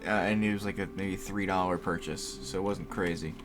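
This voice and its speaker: With a deep, fairly even voice and a fairly quick delivery, a young podcast host in his twenties chats solo over soft background music. He's at home by his computer, using a desk mic set higher and farther off, rambling, laughing, and swearing casually.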